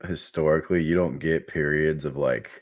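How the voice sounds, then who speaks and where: A man's voice: extremely low pitch, fairly even intonation, moderate pace. A laid-back man co-hosting a stream, walking through charts in a rambling way with many fillers. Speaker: co-host chart analyst. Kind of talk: casual chart talk.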